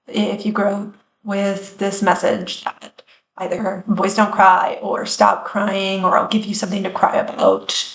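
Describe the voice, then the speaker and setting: A woman hosting a wellness podcast, speaking in an earnest, reflective way with measured pauses. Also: mid-range voice. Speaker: podcast host and founder. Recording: roomy echo.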